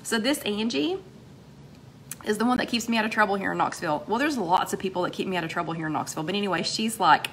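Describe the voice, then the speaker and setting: A woman's voice: mid-range voice, quick pace, slight background noise. Upbeat woman hosting a livestream chat. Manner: chatty, upbeat, lots of fillers and shout-outs. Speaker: host of a weight-loss livestream chat. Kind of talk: casual livestream chat greeting viewers.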